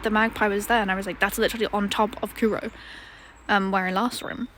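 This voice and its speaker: A woman's voice: medium pitch, flat delivery, fast talker, a bit bright, slight background noise. A woman vlogger telling a story to camera in a rambling, casual way, with many fillers and restarts, outdoors in a garden.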